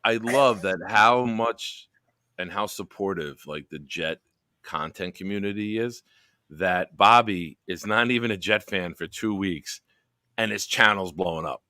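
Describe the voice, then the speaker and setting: A man hosting a casual sports chat livestream with a bright, forceful voice that stays smooth and crisp. He tells animated stories and swears freely. The sound is dry, with no room echo. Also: lowish voice, measured pace. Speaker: livestream show host.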